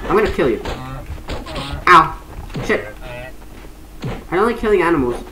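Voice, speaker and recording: A young woman casually commenting on her gameplay, chatty and excitable, often laughing and shrieking. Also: low-pitched, a little slow, long pauses, roomy sound, over music, poor audio. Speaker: gaming streamer.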